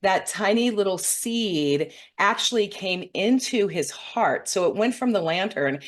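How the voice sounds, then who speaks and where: This intuitive reader's mid-range voice is expressive and unhurried as she describes a meditation vision on her weekly show. Heartfelt and visibly moved, she wanders through the story and keeps asking viewers "okay?" and "right?".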